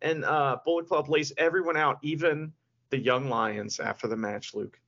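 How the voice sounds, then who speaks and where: A man co-hosting a podcast in casual chat, excitable and profane, with laughing asides. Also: on the high side, normal speed. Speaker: podcast co-host. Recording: dull lo-fi sound.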